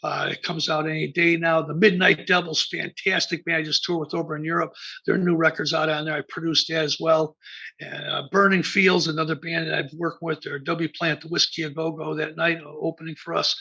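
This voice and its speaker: Gravelly, raspy older rock musician. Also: male voice, a little high, flat delivery, a little fast, bright, forceful tone. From American Midwest. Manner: rambling anecdotes full of fillers and restarts. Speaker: band founder and bassist, interview guest. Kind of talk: casual interview storytelling. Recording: dull lo-fi remote interview audio.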